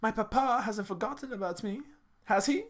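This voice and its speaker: A man's voice: high-pitched, normal speed, pitched above the performer's own voice, close to an everyday voice. Man putting on a bubbly young cat lady. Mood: naive. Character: sweet young female cat noble, naive and cheerful.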